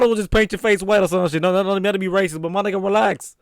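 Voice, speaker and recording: Young male reaction host, slightly high voice, dry close sound, profane and unfiltered. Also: steady tone, rapid-fire, few pauses, clean tone, dry recording. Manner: blunt, profane, unfiltered banter. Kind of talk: casual reaction commentary.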